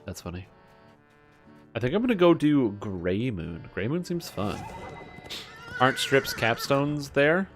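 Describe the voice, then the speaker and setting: A man streaming live, chatting casually with viewers and playfully stumbling through tongue twisters. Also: mid-range voice. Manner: playful, reads tongue twisters aloud, stumbles and laughs at himself.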